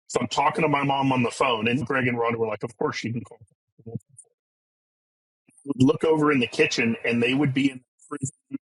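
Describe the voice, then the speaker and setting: A man's voice: mid-range voice, fairly bright tone, breathy edge, low-quality recording. A middle-aged man as a podcast guest, telling his life story in a blunt, earnest way with casual profanity. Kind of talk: candid personal storytelling.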